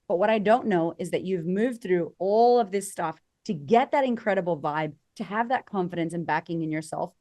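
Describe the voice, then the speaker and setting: A woman coaching as a podcast guest, energetic and conversational, acting out quoted voices for emphasis. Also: lowish voice, moderate pace, few pauses. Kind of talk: conversational interview.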